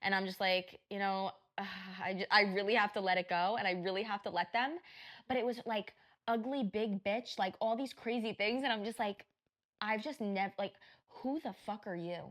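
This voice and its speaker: A woman on a casual chat podcast retells a run-in at length, swearing freely and slipping into the voices of the people involved. Her voice sits at an ordinary middle pitch, and the delivery stays animated throughout. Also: moderate pace. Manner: animated retelling, profane, acts out quotes. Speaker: podcast co-host.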